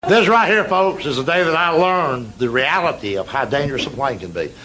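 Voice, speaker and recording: On a live stage, a middle-aged comic from the United States spins folksy tales in a punchy drawl, speaking a bit quickly in an animated voice on the high side. His audience laughs loudly, and the rough recording picks up plenty of crowd noise.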